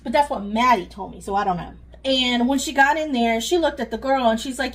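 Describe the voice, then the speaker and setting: A woman's voice: a little high, a little fast, few pauses. A woman, rambling and venting in casual chat while she cooks at home. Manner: chatty, venting, rambling with sighs. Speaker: vlogger. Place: home kitchen. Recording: noisy kitchen with frying sizzle. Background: sizzling frying pan.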